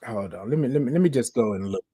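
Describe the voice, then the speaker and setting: A man's voice: mid-range voice, expressive, fast talker, dark tone, slightly rough. A man hosting a live morning show, chatting casually with viewers, talking to them directly and often repeating himself. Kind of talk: casual livestream chat.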